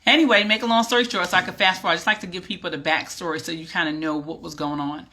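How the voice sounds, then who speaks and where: A middle-aged woman tells her own story to the camera in a casual vlog. Her voice is bright and ringing. She speaks in a lively, animated way, like she's chatting with friends. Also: lowish voice, rapid-fire. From New York. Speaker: vlogger and business coach.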